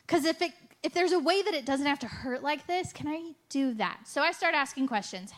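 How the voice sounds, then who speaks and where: A woman's voice: sits high, animated, brisk. Chatty woman giving a self-mocking testimony. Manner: chatty storytelling with frequent "like" and "right?". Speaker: speaker sharing a faith testimony. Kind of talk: conversational sermon testimony.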